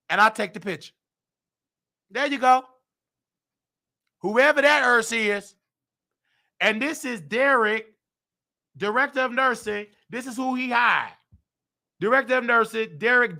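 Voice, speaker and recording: A man with a very high, bright, sharp-edged voice, worn hoarse from shouting. He rants in indignant commentary, breaking into shouts. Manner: heated, indignant, bursts of shouting. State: hoarse, losing his voice. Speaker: nursing aide and show host. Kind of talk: ranting commentary.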